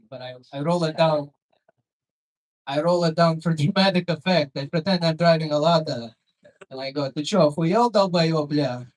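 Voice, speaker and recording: A man doing a brash, animated stand-up set on a comedy club stage. His voice sits a little high for a man, and his crude punchlines come out with lively swagger. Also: low-quality recording. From Canada.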